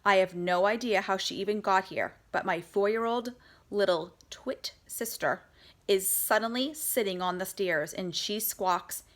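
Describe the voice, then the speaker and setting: A woman's voice: medium pitch, fairly even intonation, normal speed, a bit bright. A woman narrating a children's chapter book in the first person of a young girl, doing character voices for the dialogue. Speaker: audiobook reader.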